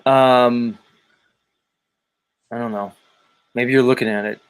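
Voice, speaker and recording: Man, livestream host, teasing, rambling, lots of fillers, mid pitch. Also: steady tone, slow, smooth. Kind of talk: casual livestream chat.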